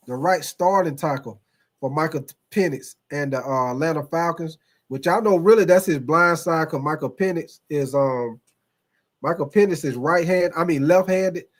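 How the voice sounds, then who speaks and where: A man's voice: a little high, moderate pace. A man hosting a casual sports podcast who talks in a loose, rambling way, addresses his chat directly and laughs often.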